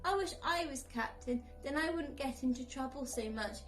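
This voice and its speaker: A woman's voice: sits high, normal speed, far from the mic, faint music behind, natural voice. A woman reading the lines of a young pirate who grumbles that things are unfair. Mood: grumbling. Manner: protesting, grumbling. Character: hard-done-by young male pirate.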